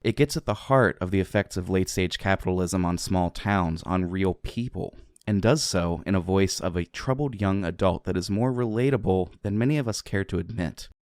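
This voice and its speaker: A man's voice: low voice, moderate pace, few pauses, darkish tone, no room sound, studio quality. A man from southwestern Pennsylvania co-hosting a casual podcast, enthusiastic, laughing often and rambling into asides. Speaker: podcast co-host.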